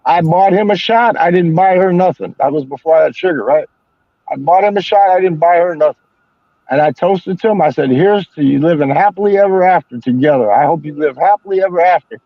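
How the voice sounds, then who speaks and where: A man's voice: high-pitched, a little fast, dry recording. An older man chatting casually as a stream host, telling rambling, profane stories. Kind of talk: casual chat. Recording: dull lo-fi sound.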